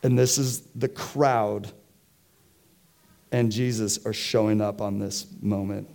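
Slow, mellow-voiced preacher. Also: male voice, lowish voice, steady tone, creaky. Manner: conversational, asks the congregation questions. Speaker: pastor. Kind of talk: sermon. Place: church.

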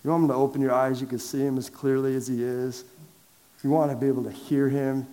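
A man preaching to a large church congregation, conversational and lively, asking them direct questions and raising his voice for emphasis. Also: medium pitch, fast talker. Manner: lively and conversational, swings from quiet asides to loud emphatic calls. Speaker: pastor. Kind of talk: sermon. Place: large church sanctuary with a downstairs.

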